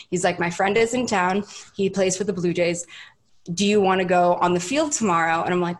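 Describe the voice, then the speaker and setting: A woman's voice: on the low side, a little fast. A young woman, a podcast guest, telling a long casual story and acting out what people said. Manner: animated, voices herself and others in quotes, lots of "like".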